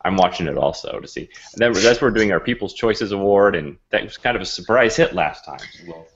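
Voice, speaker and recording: A man hosting a casual web show in a relaxed, loose way, talking over a video call. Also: fairly low pitch, brisk, slight background noise. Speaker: host. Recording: roomy, dull video-call audio.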